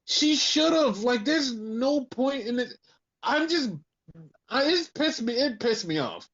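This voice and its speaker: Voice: high voice, very animated, slow pace, a bit bright. Profane ranting podcast co-host, dull audio. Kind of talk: casual wrestling review chat.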